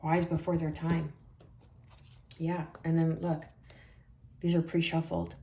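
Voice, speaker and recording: A woman giving a spiritual tarot reading in a soft, reflective way, often repeating phrases for emphasis. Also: low-pitched, level tone, takes it slowly, echoey room. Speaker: tarot reader.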